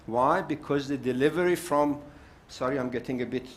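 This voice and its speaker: An older man from South Africa, outspoken and emphatic, repeats his points forcefully during a passionate summit panel speech. He talks at a moderate pace in a mid-range voice, with a bit of background noise.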